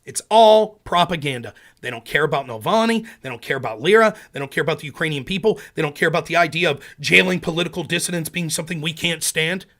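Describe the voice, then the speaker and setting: Heated high-voiced man ranting. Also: fast talker, few pauses, a bit bright. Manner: heated, sarcastic, asks the audience questions. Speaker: political streamer. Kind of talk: casual ranting commentary.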